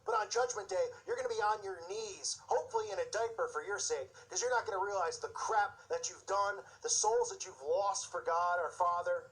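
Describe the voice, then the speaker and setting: A man's voice: sits high, big pitch swings, moderate pace, hardly any pauses, a bit bright, rough recording. A man hosting his own show, delivering an agitated, indignant religious commentary rant with mocking asides. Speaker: show host.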